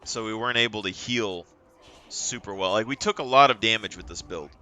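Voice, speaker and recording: A man's voice: fairly low pitch, brisk, pushed and bright, clear, resonant tone. A male streamer chatting casually during a live gaming stream, rambling and thinking aloud.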